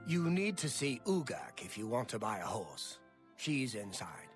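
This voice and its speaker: A low, slow fantasy townsman. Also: wildly swooping pitch, soft background music. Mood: matter-of-fact. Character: male townsman in a fantasy game.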